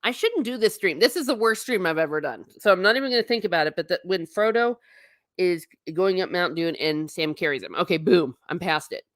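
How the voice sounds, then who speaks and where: A woman's voice: on the low side, expressive, a little fast, no room sound, studio quality. A woman in her thirties hosting a livestream, reading chat and chatting in an emotional, laughing way. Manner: chatty and emotional, laughs often, self-interrupting. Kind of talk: casual chat.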